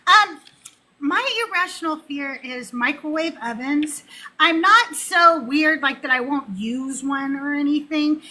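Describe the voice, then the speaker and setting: High bright-voiced woman hosting a chat show. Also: measured pace, low-quality recording. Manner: chatty, laughs often, blunt. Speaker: host of a call-in talk show. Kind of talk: casual chat.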